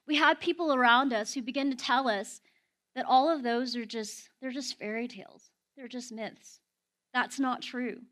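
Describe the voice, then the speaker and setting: A woman's voice: on the high side, a bit bright. A young woman giving a heartfelt personal sermon at a prayer house, candid and emotional, telling stories conversationally.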